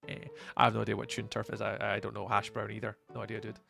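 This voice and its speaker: A man's voice: lowish voice, completely flat delivery, fast, vocal fry, pushed and bright, faint music behind. A man from Scotland with a Scottish accent, chatting casually on a live stream and reading out and answering chat while he plays.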